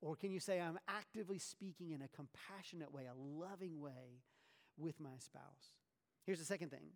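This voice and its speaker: Animated preaching man in a reverberant hall. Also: a little high, moderate pace. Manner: animated, full of rhetorical questions and sarcastic asides. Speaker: pastor. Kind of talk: sermon.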